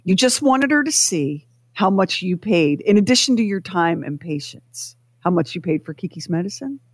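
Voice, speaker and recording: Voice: mid-range voice, very animated, moderate pace, no echo. A co-host on a talk show, chatting casually and teasing in a mock-preachy way. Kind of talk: casual chat.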